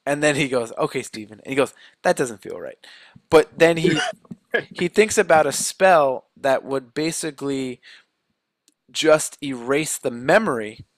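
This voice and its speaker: A man co-hosting a casual chat, retelling a film plot in a loose style with fillers and quick quoted lines. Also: medium pitch, a bit bright, no room sound. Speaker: co-host recapping a film.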